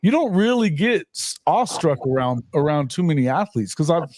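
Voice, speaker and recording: A man's voice: on the high side, sing-song, brisk, a little mellow, dry recording. A middle-aged man hosting a casual sports podcast, telling stories animatedly and laughing often while chatting remotely. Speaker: podcast host, sports writer. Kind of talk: casual chat. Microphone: remote call mic.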